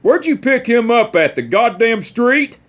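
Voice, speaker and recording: A man's voice: very high voice, very animated, a little slow, a bit bright, voice pushed up, heavily acted. A man voicing his elderly great-grandfather as a blunt old man who cusses and teases, quoted in a home vlog. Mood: gruff teasing. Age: older. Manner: gruff, profane teasing.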